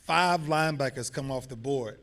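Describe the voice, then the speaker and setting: Guy in his 40s telling stories at a club lunch, voice jumps way up and down when he quotes people. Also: normal speed. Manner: animated, acts out quotes with big pitch swings and laughs. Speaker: guest speaker. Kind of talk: lively storytelling. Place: hotel banquet hall.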